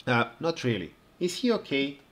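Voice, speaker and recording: Quiet, earnest boy hero with a low, hesitant delivery, read by a male player. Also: big pitch swings, moderate pace, a little hiss or hum. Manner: earnest, hesitant, soft-spoken.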